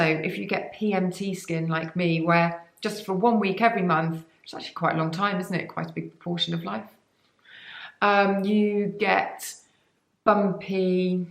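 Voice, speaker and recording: A woman's voice: mid-range voice, reverberant. A woman, a beauty vlogger, chatting to camera about products with enthusiasm and rambling, cheeky asides. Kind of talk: sponsored product chat to camera.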